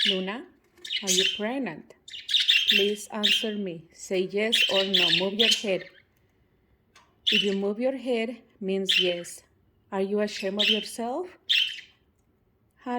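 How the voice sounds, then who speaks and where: A woman vlogging at home, talking to her pet birds in a coaxing, baby-talk way. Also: a little high. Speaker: bird owner vlogger. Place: indoors at home with birdcages. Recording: bird chatter noise behind the voice. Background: birds chirping and squawking.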